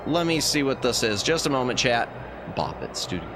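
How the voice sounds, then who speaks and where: A man streaming a game as a VTuber, chatting casually with viewers and reacting loudly to what happens on screen. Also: medium pitch, very animated, moderate pace. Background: game music.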